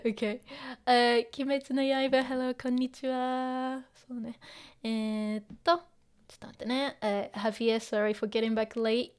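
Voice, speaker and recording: A woman hosts a relaxed livestream lesson, slipping words into her English. Her voice sits a little high. She often drops to quiet asides while she scrolls the chat. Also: moderate pace, smooth. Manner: chatty, mixes English with Japanese phrases, murmurs to herself. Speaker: Japanese teacher on a livestream. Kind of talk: casual live-stream lesson, reading chat.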